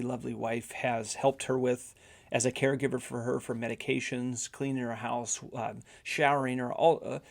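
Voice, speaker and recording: A man's voice: medium pitch, gravelly. A middle-aged man hosting a podcast, telling a casual story with many repeated words and fillers. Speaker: podcast host, physical therapist.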